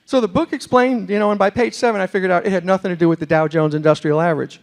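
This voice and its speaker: A middle-aged man from New York City spins a comic story for a lecture-hall crowd. His voice sits high with a gravelly edge, and he turns to the audience with questions. His delivery is lively and playful. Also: rapid-fire. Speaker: storyteller and motivational speaker. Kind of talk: humorous storytelling talk.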